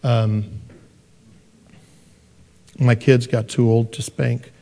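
A middle-aged man preaching a sermon, animated and joking, who mimics parents in a soft sing-song voice. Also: medium pitch, extremely slow, creaky. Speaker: pastor. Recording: long hall reverb.

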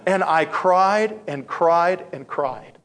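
A male pastor delivering a sermon with a somewhat high voice. He tells stories in an animated way, slips into acted-out voices and repeats key lines to drive them home. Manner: animated storytelling, acts out voices, repeats phrases for emphasis.

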